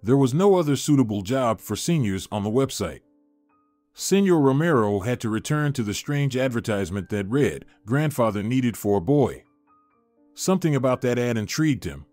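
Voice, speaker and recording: Male storyteller, lively intonation, dry booth with faint music. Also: medium pitch, brisk, dry recording. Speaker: narrator. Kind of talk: scripted narration. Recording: dry studio voice-over with soft music.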